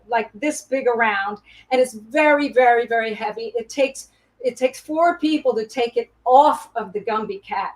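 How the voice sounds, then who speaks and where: Woman, guest on a video call, animated storyteller, laughs often, fairly high voice. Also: poor audio. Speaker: guest, Broadway performer. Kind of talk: casual storytelling interview.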